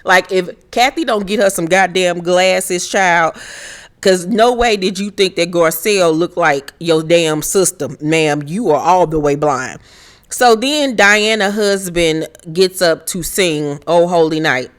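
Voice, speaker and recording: A woman giving a sassy, profane reality show recap, telling the story with animated asides. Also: fairly low pitch, a little slow. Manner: acts out quotes in put-on voices.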